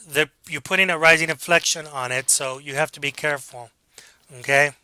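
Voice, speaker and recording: A man's voice: fairly high pitch, fairly even intonation, brisk, bright, forceful tone, smooth. A man teaching a speech class in a direct, coaching manner, with rhetorical questions. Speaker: college speech instructor. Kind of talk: recorded class lecture.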